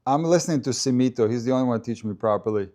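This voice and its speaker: A man's voice: medium pitch, very fast, darkish tone. Man hosting a chatty live tennis stream. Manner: chatty, stops to answer viewer comments and try out name pronunciations. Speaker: live stream host reacting to a tennis match. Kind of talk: casual live-stream commentary and chat reading.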